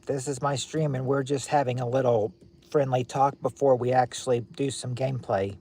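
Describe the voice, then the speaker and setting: With a warm, mid-range voice, fairly even intonation and a moderate pace, an American man chats with his livestream viewers. He's indoors at home at night with the lights on, rambling and often restarting what he says.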